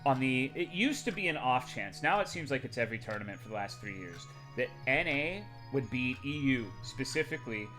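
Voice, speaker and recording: A man's voice: medium pitch, lively intonation, a little fast, hardly any pauses, sharp tone, soft background music. A young adult man streaming live, chatting casually with his chat in a crude, rambling, sarcastic way.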